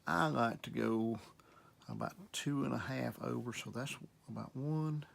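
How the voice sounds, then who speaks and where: Gravelly Southern man explaining guitar care. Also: medium pitch, measured pace. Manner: relaxed, rambling, talks while working. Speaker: guitar repair instructor. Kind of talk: casual how-to demonstration.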